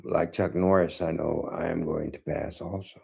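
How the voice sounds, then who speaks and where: A man in his seventies, a martial arts teacher, giving a slow, thoughtful monologue to camera with frequent pauses. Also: low-pitched, fairly even intonation, vocal fry, warm tone, slightly rough. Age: 70s. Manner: slow, thoughtful, pausing often.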